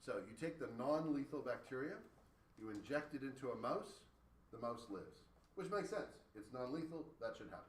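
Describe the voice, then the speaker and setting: Lively male teacher, echoey classroom. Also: medium pitch, moderate pace, distant mic. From Canada. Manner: lively, joking, explains with playful analogies. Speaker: high school science teacher. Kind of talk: classroom lecture.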